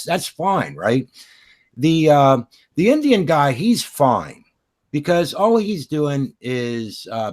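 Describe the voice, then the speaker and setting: A man on a voice-chat call argues with mounting heat, sarcastic and quick to talk over the people he is arguing with. His mid-pitched voice swings up and down a lot as he presses his points. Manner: combative, sarcastic, talks over others. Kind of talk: heated argument.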